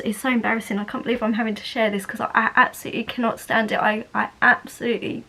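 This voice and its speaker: A chatty woman vlogger in her thirties, from England, talking straight to camera. Her voice sits a little higher than most, and her talk is candid and loose, with plenty of restarts and fillers. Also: a bit bright, poor audio.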